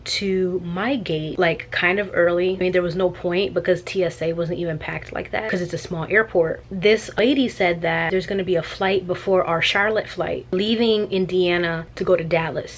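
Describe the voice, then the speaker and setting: A young woman telling an animated, chatty travel story in a casual vlog. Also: on the low side, moderate pace, few pauses. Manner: animated and chatty, with slangy asides. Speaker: vlogger.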